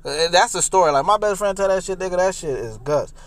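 High-voiced young man telling a profane story. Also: fast talker. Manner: profane, animated, repeats himself. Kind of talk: comedic personal storytelling.

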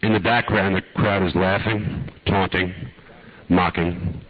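An older man with a husky voice, leading a slow, earnest guided prayer as a preacher in a sermon. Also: low-pitched, steady tone, dull audio.

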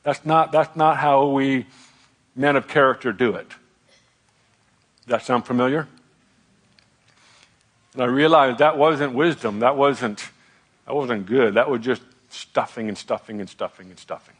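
A middle-aged man, a pastor, telling a personal story in a sermon with a candid, self-deprecating, animated manner. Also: medium pitch, measured pace, pauses often.

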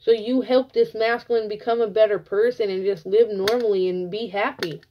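A woman's voice: medium pitch, moderate pace, dull audio, a little hiss or hum. Blunt, cussing woman tarot reader. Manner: blunt, profane, animated storytelling. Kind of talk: casual tarot reading.

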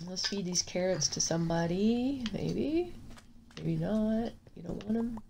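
Gravelly and fairly low, her voice moves at a moderate pace as she chats and rambles through casual gameplay commentary with a stuffy nose, repeating things in a sing-song way. A little hiss or hum sits under faint clinking of dishes.

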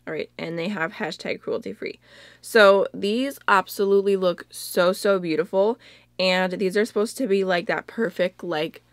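A woman's voice: mid-range voice, normal speed, no room sound. A young woman chatting casually as a beauty vlogger, chatty and full of filler words like "like" and "really, really.". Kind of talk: casual chat.

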